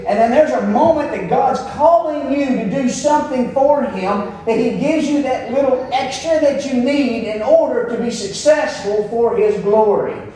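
High-pitched preacher guy, emphatic, asks for amens, big echoey church, mic far off. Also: darkish tone, slight background noise. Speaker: pastor. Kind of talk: sermon.

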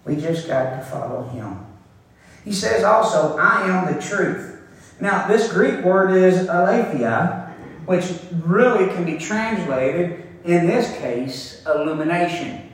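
A high-voiced man preaches a relaxed sermon, doubling up his words and chuckling at his own stories. His voice echoes heavily around the room. The mic sits far from him. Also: slow. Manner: conversational, repeats words, laughs at own stories. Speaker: pastor.

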